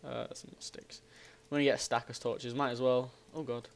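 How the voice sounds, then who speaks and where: A man hosting a gaming channel, giving rambling, excitable let's play commentary and exclaiming at the game. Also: medium pitch, brisk, creaky.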